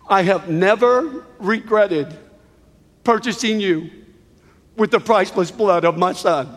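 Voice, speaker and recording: A man voicing God as a tender, reassuring father, speaking gently within a sermon. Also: high-pitched, slow pace, long pauses, exaggerated voice. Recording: reverberant hall.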